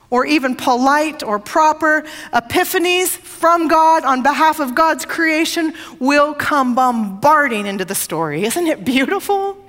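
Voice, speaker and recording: High-voiced woman preaching in a reverberant church. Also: fairly bright tone. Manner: emphatic, repeats phrases for effect. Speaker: pastor. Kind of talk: sermon.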